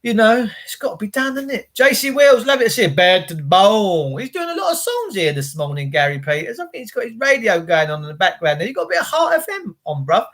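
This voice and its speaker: Bloke hosting a stream, rambly and blunt, higher voice. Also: male voice, big pitch swings, quick pace, hardly any pauses, fairly bright tone. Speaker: livestream host. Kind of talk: casual rambling livestream rant.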